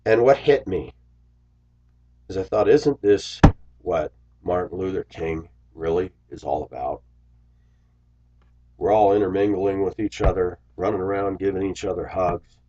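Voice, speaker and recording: A man, a bus driver telling a casual, animated story and acting out the voices of others. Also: deep voice, unhurried, pauses often. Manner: animated, acts out quoted voices. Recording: dull lo-fi sound.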